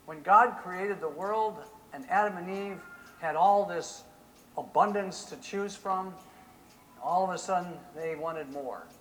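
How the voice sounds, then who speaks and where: A male pastor preaching a sermon in an animated way, often asking the congregation rhetorical questions. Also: high-pitched, unhurried, slight background noise, poor audio.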